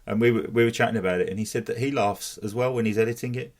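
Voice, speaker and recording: A man in his forties co-hosting a podcast, chatting loosely and rambling along. His voice sits at an ordinary middle pitch. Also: fairly even intonation, racing. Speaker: podcast co-host. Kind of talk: casual chat.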